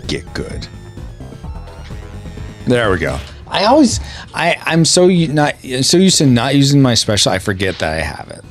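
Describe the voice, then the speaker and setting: Guy hosting a retro game stream, lively up and down voice, faint game music behind. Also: medium pitch, a little fast. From California and Colorado. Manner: chatty, reads chat messages aloud. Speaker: podcast host. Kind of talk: casual chat while playing a video game.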